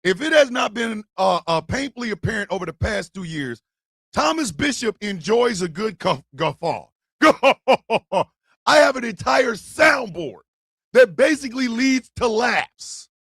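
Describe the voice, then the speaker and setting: A man's voice: high voice, very animated, a little slow, a bit bright, breathy edge, no room sound. A man hosting a comedy podcast, ranting in a profane, mocking way with bursts of laughter, close on the mic. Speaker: podcast host. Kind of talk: comedic rant.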